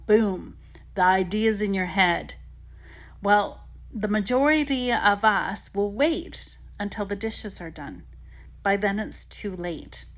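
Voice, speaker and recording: Chatty woman giving spiritual advice. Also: lowish voice. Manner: chatty, encouraging, addresses viewers directly. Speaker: spiritual teacher. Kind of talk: casual spiritual advice vlog.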